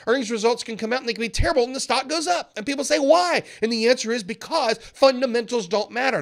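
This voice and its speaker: A man teaching a trading seminar in an animated way, laughing often and acting out traders' reactions. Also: sits high. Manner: animated, acts out traders' reactions in quoted voices; laughs often while explaining. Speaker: trading educator.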